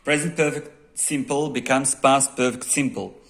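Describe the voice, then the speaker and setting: A man's voice: medium pitch, fairly even intonation, fairly bright tone. A man with a Moroccan accent, an English teacher correcting an exam and dictating answers word by word. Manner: slow, deliberate dictation, reading sentences word by word.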